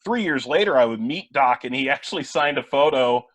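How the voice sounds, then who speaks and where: A man in his twenties, a play-by-play broadcaster, telling animated anecdotes in a casual interview with many fillers and restarts. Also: medium pitch, fairly quick, dry recording. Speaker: play-by-play broadcaster, podcast guest. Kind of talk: casual storytelling chat.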